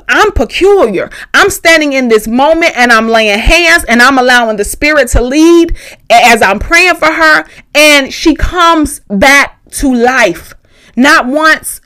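Bright-voiced woman giving impassioned testimony. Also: fairly high pitch. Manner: preacherly, direct address, repeats key phrases. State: tearful at times. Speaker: podcast guest speaker.

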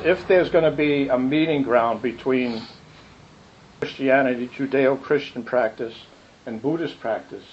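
A man giving a rambling, animated spiritual talk, telling stories with quick asides. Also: mid-range voice. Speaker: spiritual teacher. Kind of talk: dharma talk with questions. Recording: muffled lo-fi recording with faint noise.

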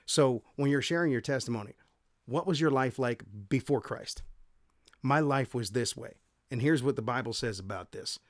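A man's voice: mid-range voice, moderate pace, no echo. Dry, conversational man teaching scripture. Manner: conversational, reads scripture then explains, frequent self-corrections. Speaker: podcast host and Bible teacher. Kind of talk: casual devotional podcast teaching.

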